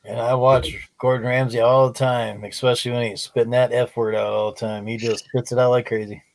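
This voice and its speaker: A man's voice: medium pitch, level tone, brisk, creaky, dry recording, rough recording. Man chiming in with short replies. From United States. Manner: brief agreeing replies. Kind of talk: casual chat.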